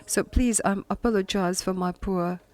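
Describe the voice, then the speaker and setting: A woman historian from Germany with a German accent, reading a prepared lecture. She pauses often on fillers. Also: medium pitch, steady tone, a little mellow. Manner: halting, with many filler pauses. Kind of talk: lecture read from a prepared text.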